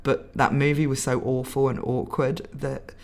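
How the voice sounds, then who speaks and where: A woman's voice: rumbling low, level tone, moderate pace, gravelly. Giggly posh English woman streamer. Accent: mildly posh English. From England. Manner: giggly, chatty, laughs often between remarks. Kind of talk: casual chat reading live comments.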